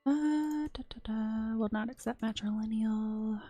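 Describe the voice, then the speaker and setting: A woman streamer giving whispered gameplay commentary, softly murmuring to herself as she plays. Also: fairly high pitch, a little slow, dry recording, soft background music. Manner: soft murmuring to herself, often unvoiced whisper.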